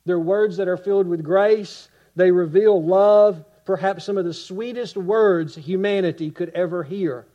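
A man preaching a sermon with passion, rising to loud cries and dropping to hushed quiet. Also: high voice, a little slow, hardly any pauses, dull audio.

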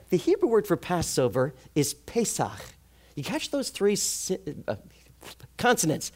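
A man's voice: high voice, moderate pace. Man preaching a sermon, voice swings up and down a lot, fires questions at the crowd. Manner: animated, asks the congregation rhetorical questions.

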